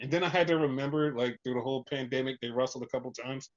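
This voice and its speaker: Profane, animated podcast host. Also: medium pitch, quick pace, highs cut off. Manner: profane, animated retelling with voiced quotes. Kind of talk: casual wrestling recap chat.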